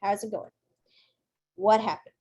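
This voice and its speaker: A woman's voice: mid-range voice, steady tone, measured pace, warm tone, husky. Woman quoting a blunt male superintendent. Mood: stern. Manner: blunt, clipped questions. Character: stern male school superintendent.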